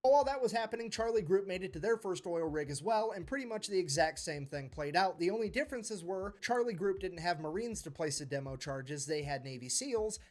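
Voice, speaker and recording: A man's voice: high-pitched, lively intonation, fairly quick, few pauses, a little mellow. A man narrating a military history story in a punchy, sarcastic comedic style, acting out quoted lines. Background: background music.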